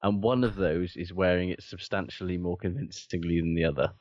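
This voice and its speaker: A man's voice: deep voice, fairly quick, a little mellow, no echo, lo-fi sound. A man co-hosting a podcast in casual chat, dry and sardonic, swearing freely. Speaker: podcast co-host.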